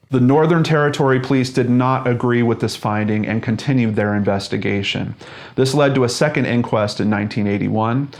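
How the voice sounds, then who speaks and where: A man in his forties narrates a true-crime story as the host of his show. He reads a prepared script in a measured, earnest manner, with a voice that sits at an ordinary middle pitch. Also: a little mellow.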